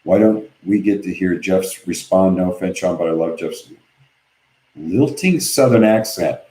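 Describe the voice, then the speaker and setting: A man's voice: low-pitched, fairly even intonation, moderate pace, dark tone, echoey room, poor audio. A man hosting a live webinar from home, reading viewer questions aloud and answering them bluntly and offhand. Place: home office.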